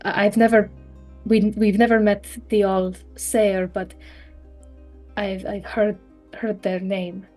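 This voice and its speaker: A woman's voice: mid-range voice, flat delivery, takes it slowly, pauses often, a little mellow, faint music behind. A woman playing in a tabletop game, speaking hesitantly with restarts. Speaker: player. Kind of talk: in-character tabletop play.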